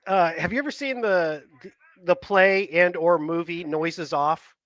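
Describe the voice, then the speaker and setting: High, bright-voiced male sports host. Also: a little slow, no echo. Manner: rambling, chatty, laughs often. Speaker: podcast host. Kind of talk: casual sports chat.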